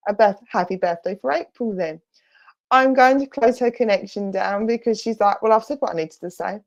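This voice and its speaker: A woman works as a spiritualist medium, giving a clairvoyant reading at a streamed church service. Her voice sits at a middle pitch, and she talks in a chatty, reassuring way, often calling the listener "my lovely". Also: normal speed. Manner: warm, chatty, reassuring, relays messages in spirit's voice. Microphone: online church service stream.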